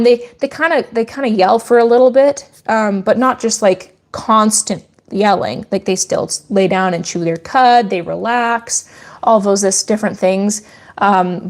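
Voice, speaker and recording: A woman goat farmer talks through viewer questions in a casual vlog. She is earnest and firm, and she holds strong opinions. Her voice sits at an ordinary middle pitch for a woman. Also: a little mellow.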